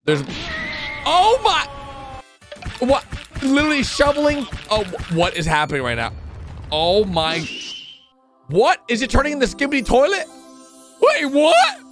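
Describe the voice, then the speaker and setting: A man hosting a reaction video. His voice leaps all over the place, from low mutters to sudden high yelps, and he throws out exclamations constantly. Faint music plays behind him. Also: big pitch swings, normal speed. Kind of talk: excited reaction commentary.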